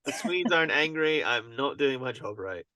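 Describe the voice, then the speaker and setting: A man's voice: medium pitch, animated, moderate pace, pushed and bright, no echo, clean studio sound. A man co-hosting a podcast, chatting casually, joking and swearing and mocking himself. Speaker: podcast co-host. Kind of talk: casual chat.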